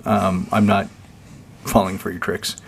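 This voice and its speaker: A man's voice: deep voice, level tone, measured pace, gravelly, slight background noise. A man voicing a stern card-game lord who curtly dismisses a rival's tricks. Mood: dismissive.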